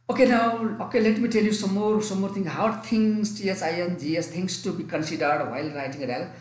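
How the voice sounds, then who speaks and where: A man with a Nepali accent teaching an online English lesson, repeating and restarting his phrases for emphasis. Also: mid-range voice. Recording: echoey room.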